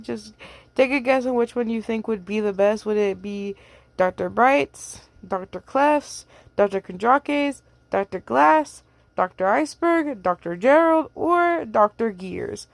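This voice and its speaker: A woman's voice: a little high, vocal fry, no echo. A young woman who hosts a channel, reading a fan story aloud and then chatting casually, with fillers and light laughs.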